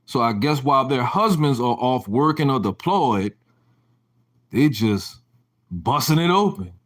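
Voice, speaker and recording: A man's voice: mid-range voice, lively intonation, unhurried. A man hosting a casual livestream rant, telling profane, rambling stories with frequent restarts and mocking, laughing gossip. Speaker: livestream host.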